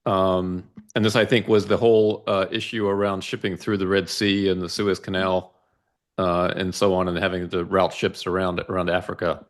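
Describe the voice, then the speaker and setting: A man with a fairly low voice explains financial charts in a methodical, conversational way. He steps through each figure carefully and often checks in with a quick "right?". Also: flat delivery. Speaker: investment analyst guest. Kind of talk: casual financial discussion walking through charts.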